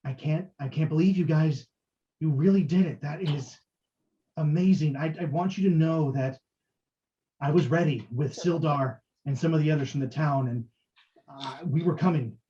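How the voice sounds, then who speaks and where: A man's voice: on the high side, normal speed, dark tone, natural voice. A man doing a stammering starstruck townsman. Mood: awestruck. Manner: stammering, gushing. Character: starstruck eager young townsman. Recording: dull lo-fi audio.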